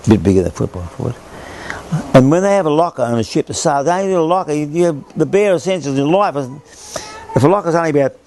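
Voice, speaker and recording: A man's voice: a little high, lively intonation, quick pace, a little mellow, slight background noise. An older Australian man, a former sailor, rambles through an oral history story, repeating himself and acting out the voices he quotes.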